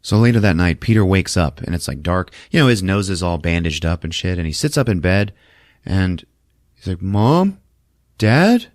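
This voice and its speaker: Deep-voiced man, profane animated storyteller. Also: fairly quick, no echo, clean studio sound. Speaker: podcast host. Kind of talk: casual movie recap.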